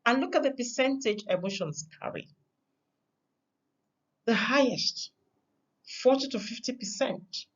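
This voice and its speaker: A woman teaching a recorded lesson on communication, with an emphatic delivery that stresses words through sharp changes in pitch and loudness. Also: expressive, a little slow, pauses often, dull audio.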